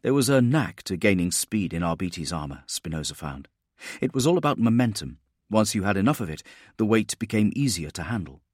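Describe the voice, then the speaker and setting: In a steady, measured storytelling style, a male audiobook narrator delivers scripted narration of a science-fiction book. His low voice is captured close and dry, with no room sound.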